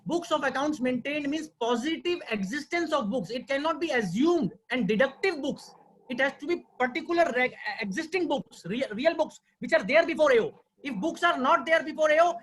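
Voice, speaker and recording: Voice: sits high, animated, fairly quick, a bit bright, a little hiss or hum. A tax law speaker with an Indian accent giving an earnest webinar lecture over a video call, repeating key points and addressing listeners as sir.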